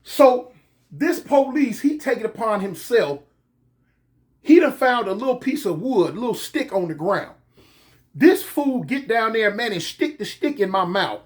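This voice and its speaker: A man casually telling a comic story from his own life, animated and full of street slang. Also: high voice. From California. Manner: animated, slangy, drawn-out pauses.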